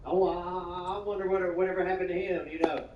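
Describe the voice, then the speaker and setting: A man telling stand-up comedy in a loose, rambling, deadpan way with a slightly higher voice. He sounds distant from the mic in an echoey room. The sound is dull and carries steady background noise. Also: fairly quick. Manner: rambling, deadpan, peppered with "you know".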